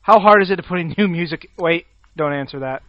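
A man's voice: a little high, quick pace, no room sound, lo-fi sound. A man co-hosting a casual chat about video games, opinionated and laughing often. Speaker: podcast co-host.

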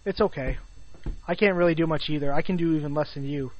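A man co-hosting a podcast, easygoing and quick to laugh in casual chat. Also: fairly high pitch, slight background noise. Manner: chatty, giggly, laid-back. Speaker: podcast co-host. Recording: dull lo-fi sound.

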